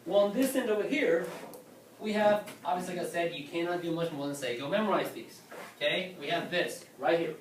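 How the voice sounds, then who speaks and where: A man's voice: fairly high pitch, fairly quick, distant mic, slight background noise. A man teaching a class, lecturing and often asking questions and checking with "okay?". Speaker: Spanish teacher. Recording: roomy classroom from afar.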